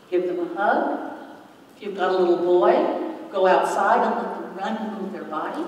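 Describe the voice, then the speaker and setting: A woman's voice: mid-range voice, slight background noise. Woman teaching in an echoey hall. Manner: calm, explanatory, acts out example phrases. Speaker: parenting educator. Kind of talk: workshop talk. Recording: echoey hall, distant mic.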